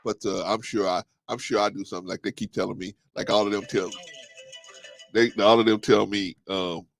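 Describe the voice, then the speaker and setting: A man hosting a talk stream in a casual monologue, animated, laughing often and repeating himself. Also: lowish voice, fairly quick, vocal fry, over music.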